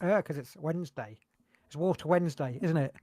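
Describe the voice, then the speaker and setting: A man co-hosting a casual podcast, joking loudly, swearing and slipping into mock voices. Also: on the high side, fairly quick, no echo, studio quality. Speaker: podcast co-host. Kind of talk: casual chat.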